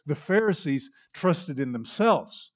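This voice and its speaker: A man preaching a sermon, dramatic in delivery, acting out the voices he quotes and swinging from loud to hushed. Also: fairly high pitch, sing-song, takes it slowly.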